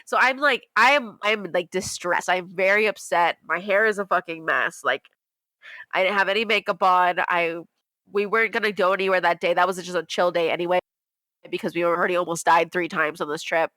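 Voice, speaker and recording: A young woman co-hosts a podcast, telling a story in casual conversation with lots of animation, frequent laughter and quotes acted out in high voices. She talks a little fast, and there is no room sound.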